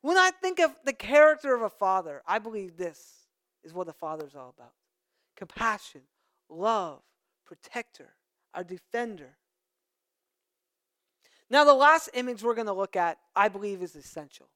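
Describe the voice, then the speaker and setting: A pastor preaching a conversational sermon, with playful asides to the congregation. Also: male voice, high-pitched, sing-song, moderate pace, long pauses, pushed and bright.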